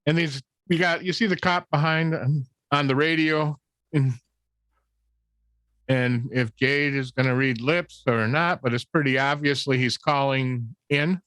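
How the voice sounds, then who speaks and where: A man acting as game master in a casual tabletop session, relaxed and hedging, often laughing. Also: a little high, unhurried, dry recording.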